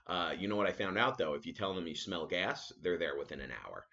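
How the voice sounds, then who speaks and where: Podcast host, male, deep voice, animated ranting storyteller, slightly dull lo-fi audio. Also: a little fast. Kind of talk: casual solo podcast monologue.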